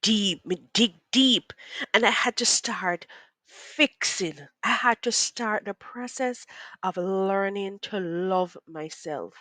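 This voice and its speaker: A woman's voice: mid-range voice, slow, bright, forceful tone, dry recording. A woman telling a personal story in an earnest vlog monologue, repeating words and slipping into preachy church-style asides.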